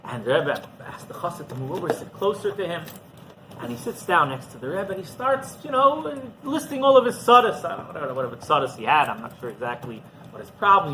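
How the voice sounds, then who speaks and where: A rabbi telling a story in a conversational sermon, halting and repeating himself as he goes. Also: a little high, expressive, pushed and bright. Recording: noisy background.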